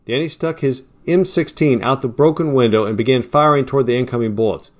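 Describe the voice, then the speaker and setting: A man's voice: fast talker, hardly any pauses. Man narrating a war story. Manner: raises pitch and volume for quoted lines, drops low and quiet for tags. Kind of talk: storybook narration with dialogue read aloud.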